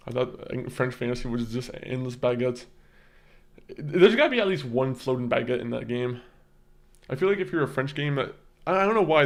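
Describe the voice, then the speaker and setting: A man at a mid pitch talks loosely to his stream audience. He meanders from thought to thought, laughs between sentences, and stumbles over his words as he goes. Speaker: gaming streamer. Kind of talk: casual chat with stream viewers.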